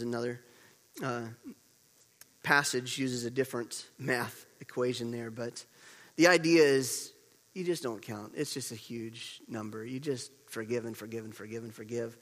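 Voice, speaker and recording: A pastor delivers a sermon in a medium-pitched voice, swinging between loud, urgent storytelling and quiet, hushed emphasis, repeating words to hammer his points home. He speaks unhurriedly with long pauses, and the long reverb of a large hall surrounds him.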